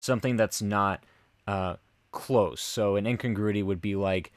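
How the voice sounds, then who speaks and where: A man's voice: lowish voice, steady tone, measured pace, no room sound. An American man co-hosting a casual podcast chat, joking around and explaining things at length. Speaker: podcast co-host.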